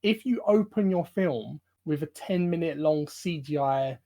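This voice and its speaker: A man's voice: a little high, animated, measured pace, mellow. Ranting young man on a podcast. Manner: emphatic, rants, swears. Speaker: podcast co-host. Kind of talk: casual chat.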